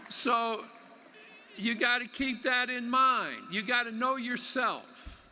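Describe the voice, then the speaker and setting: An older man giving a folksy, plainspoken commencement speech in a large arena, with halting restarts. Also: extremely high pitch, animated, sharp tone, a little hiss or hum. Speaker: commencement speaker. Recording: long arena reverb.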